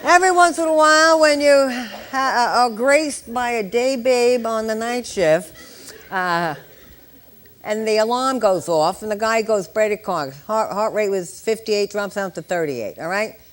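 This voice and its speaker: An older woman in her sixties leads a live exam-prep lecture for nurses. She teaches with a steady stream of jokes and chatty asides to the class. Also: fairly high pitch, measured pace, some chatter behind. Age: 60s. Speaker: nurse educator.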